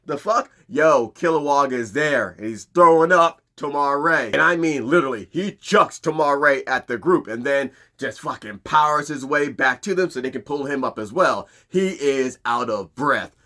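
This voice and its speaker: Brief: man, casual recap host, animated and profane, tense bright tone. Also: medium pitch, normal speed, hardly any pauses. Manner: animated, profane, hyped storytelling.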